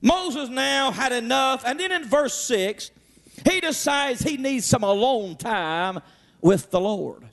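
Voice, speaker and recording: A man preaching a Sunday sermon, emphatic, rising to shouts and calling out to his congregation. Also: very high-pitched, expressive, takes it slowly. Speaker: pastor.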